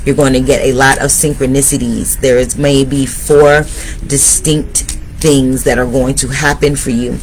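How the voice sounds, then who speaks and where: A man reads tarot for his audience in an encouraging, preaching way, talking straight to them. His voice sits at a middle pitch. A faint hiss of noise runs under the recording. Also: little pitch movement, unhurried, poor audio. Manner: motivational, addresses viewers directly. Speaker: tarot reader. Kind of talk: spiritual tarot reading to viewers.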